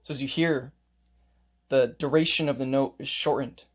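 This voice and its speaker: A man's voice: medium pitch, fairly even intonation, normal speed. A man teaching a casual music lesson, explaining note markings step by step and playing examples on his instrument.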